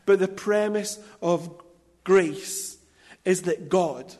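A man with a high voice delivers a sermon at an unhurried pace. He stresses his points with care and breaks off now and then to poke fun at himself. His voice rings out with a long reverb, as in a large hall. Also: a little mellow. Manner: deliberate, emphatic delivery with light self-deprecating asides. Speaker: preacher.

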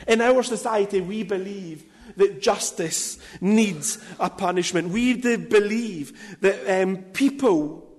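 A man preaching a sermon in a deliberate, emphatic way, with light self-deprecating asides. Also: high-pitched, long reverb tail.

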